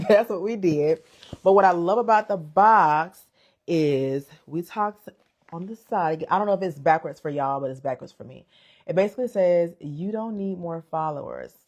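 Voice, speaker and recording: A young woman chatting casually to her viewers on a livestream, calling them y'all and sis. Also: lowish voice. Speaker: content creator going live.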